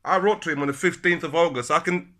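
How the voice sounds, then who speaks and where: A man's voice: fairly high pitch, fast talker, bright, forceful tone. A man calling a council office, agitated and repetitive, addressing the listener as "my love". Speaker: caller complaining to council services. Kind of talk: phone call.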